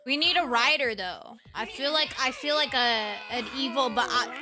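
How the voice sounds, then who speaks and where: A young woman giving casual, playful gameplay commentary as a YouTuber, chatty and quick to giggle. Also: high voice. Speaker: gaming YouTuber. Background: game music.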